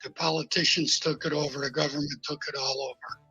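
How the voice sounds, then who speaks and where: An older man tells a hard street story on a live stream in a slightly high, breathy, tense voice. His telling is blunt and salty, with every line of dialogue acted out in quick exchanges. Faint music sits behind him. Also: little pitch movement, bright, forceful tone, muffled recording. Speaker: guest recounting mob history.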